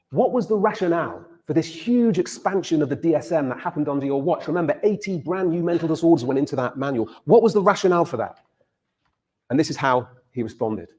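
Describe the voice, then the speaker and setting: A man's voice: mid-range voice, a little mellow. A male university lecturer giving a lecture and telling a story, repeating words as he starts his phrases.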